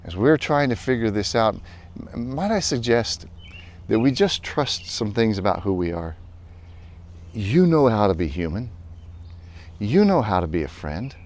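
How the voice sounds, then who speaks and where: A male pastor telling a personal story in a lively way, then turning earnest and reflective as he draws a lesson. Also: fairly low pitch. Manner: animated storytelling, later calm and earnest. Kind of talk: storytelling devotional talk.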